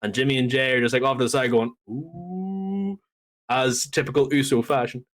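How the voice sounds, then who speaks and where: Animated man retelling a story. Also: medium pitch, quick pace. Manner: animated storyteller, acts out quotes. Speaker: podcast co-host. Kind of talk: casual wrestling recap chat.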